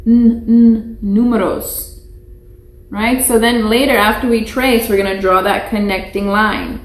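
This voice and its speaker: A woman's voice: mid-range voice, fairly even intonation, unhurried. A woman teaching young children in a live online lesson, speaking patiently and repeating each word for them to echo. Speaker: preschool teacher. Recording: echoey room.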